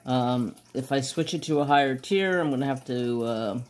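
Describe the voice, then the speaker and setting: A man's voice: mid-range voice, normal speed. Rambling man chatting while crafting. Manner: rambling, loses his train of thought. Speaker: crafting channel host. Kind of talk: casual chat while working on a craft.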